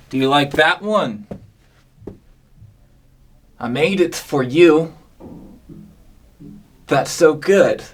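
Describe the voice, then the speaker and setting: Slow, rambling deadpan comedy man. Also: on the high side, slight background noise. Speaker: comedian host. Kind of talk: absurd comedy monologue.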